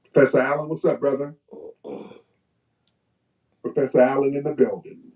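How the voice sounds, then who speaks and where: A man hosting a live talk stream, talking in a preachy way and reading old quotes slowly with emphasis. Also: medium pitch, fairly even intonation, a little mellow. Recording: distant, muffled live stream audio.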